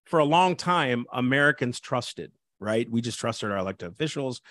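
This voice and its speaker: A man's voice: mid-range voice, expressive, a little slow, fairly bright tone, dry recording. A man who is an assistant pastor, speaking fervently and preachily in an interview, often restarting his sentences. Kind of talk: impassioned interview talk.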